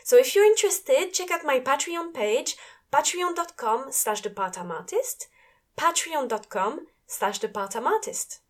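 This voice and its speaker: A woman with a French accent hosts a podcast in a somewhat high, upbeat voice. She reads show announcements and asks her guest questions cheerfully. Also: animated, a little slow. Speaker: podcast host. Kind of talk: podcast host reading promos and interviewing.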